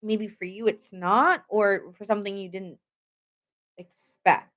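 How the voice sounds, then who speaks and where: A woman's voice: medium pitch, steady tone, a little slow, fairly bright tone, slight background noise. Chatty woman giving a tarot reading. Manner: chatty, lots of "like" fillers, talks straight to viewers. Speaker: tarot reader. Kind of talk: casual live tarot reading.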